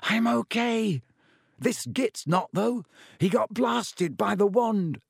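A man voicing a young boy who is a loyal friend, anxious and desperate, straining to sound steady. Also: sits high, slow, creaky, breathy edge, no echo, clean studio sound, pitched above the performer's own voice, exaggerated voice. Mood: strained.

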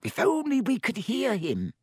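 A man voicing a clever, earnest schoolgirl who speaks quietly and cautiously, growing impatient. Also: very high voice, wildly swooping pitch, measured pace, vocal fry, breathy edge, no room sound, clean studio sound, pitched above the performer's own voice, heavily acted. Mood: insistent.

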